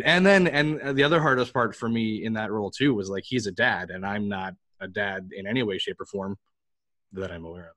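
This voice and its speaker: A man from New York, a guest on a podcast, telling stories in an animated, casual way with frequent restarts. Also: on the low side, fairly quick, slight background noise. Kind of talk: casual interview chat.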